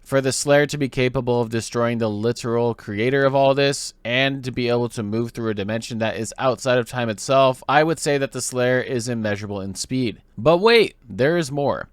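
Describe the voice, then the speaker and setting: A man's voice: medium pitch, fairly quick, hardly any pauses, clean tone, no echo, clean studio sound. A man hosting a gaming lore video essay, explaining in a conversational way. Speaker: host.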